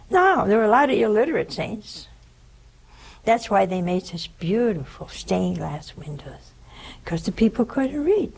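Older woman with a gravelly, husky voice. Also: medium pitch, a little slow, poor audio. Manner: animated storytelling, acting out voices, dropping to whispers. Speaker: religious sister giving a talk. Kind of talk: storytelling sermon.

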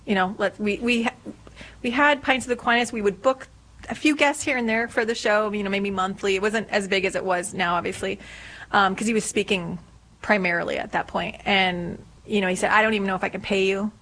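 A woman's voice: mid-range voice, steady tone, fairly quick, a bit bright, low-quality recording. A middle-aged woman, a guest in a radio studio, telling a story in a chatty way and acting out quoted lines. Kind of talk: casual radio conversation.

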